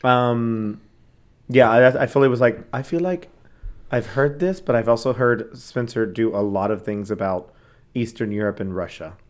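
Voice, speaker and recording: A man's voice: medium pitch, moderate pace. A man co-hosting a podcast in casual chat, teasing and laughing often. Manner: giggly, teasing. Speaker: podcast co-host.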